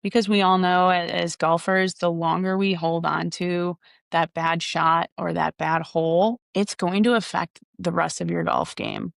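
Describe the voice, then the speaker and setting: A young woman coaching golf gives earnest, reflective answers in an interview. Her voice has a gravelly edge, and the sound is dry and close. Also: on the low side, fairly even intonation, a little slow, dry recording.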